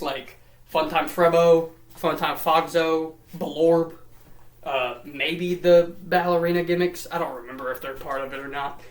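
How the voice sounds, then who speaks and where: Guy speedrunning game lore for laughs, kinda high voice, swears a lot, echoey room. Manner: rambling, profane, repetitive, jokey put-on voices. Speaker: lore recap commentator. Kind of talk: rapid comedic lore summary.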